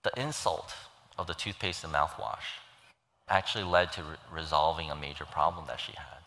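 Male preacher, lowish voice with a bright edge, earnest and pleading, acts out story voices; long hall reverb. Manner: earnest, pleading, retells stories acting out the voices. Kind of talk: sermon.

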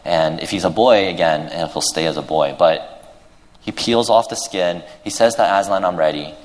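A man with a deep, low voice preaches a sermon, retelling a story in an earnest, halting way full of fillers and restarts. His voice carries a long reverb through a large hall.

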